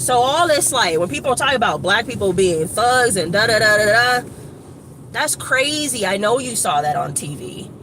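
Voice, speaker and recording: A woman from Evanston, Illinois, giving a casual, rambling motivational talk to her phone camera outdoors, slangy and animated with lots of asides. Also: fairly high pitch, moderate pace. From Evanston, Illinois, USA. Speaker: motivational vlogger. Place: outdoors by a street with shops. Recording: outdoor traffic noise.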